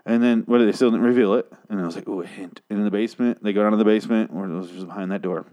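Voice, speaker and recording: A man's voice: lowish voice, fairly even intonation, racing, mellow. Rambling, profane man recapping a show. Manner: profane, rambling, self-mocking. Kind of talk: casual episode recap.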